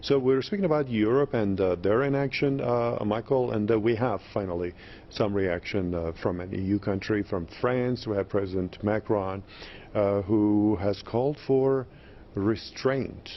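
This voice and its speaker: Gravelly low-voiced male news presenter. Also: moderate pace. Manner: questioning, pressing with follow-ups. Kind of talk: broadcast interview. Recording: dull lo-fi broadcast audio with faint noise.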